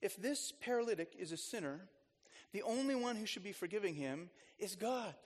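High-voiced male pastor in echoing church. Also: lively intonation, fairly quick. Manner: chatty and storytelling, with frequent restarts and asides. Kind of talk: conversational sermon.

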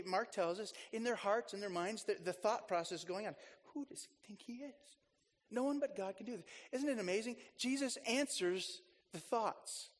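High-voiced male pastor in echoing church. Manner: chatty and storytelling, with frequent restarts and asides. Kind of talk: conversational sermon.

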